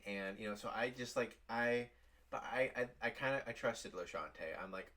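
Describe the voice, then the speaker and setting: A man's voice: lowish voice, moderate pace, fairly bright tone. A man vlogging casually, telling a work story in a rambling way with lots of "like". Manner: rambling, heavy use of "like".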